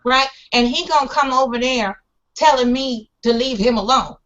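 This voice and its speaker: A woman's voice: sits high, moderate pace, fairly bright tone, muffled recording. A woman co-hosting a casual online chat show, sassy and teasing, speaking over a voice call.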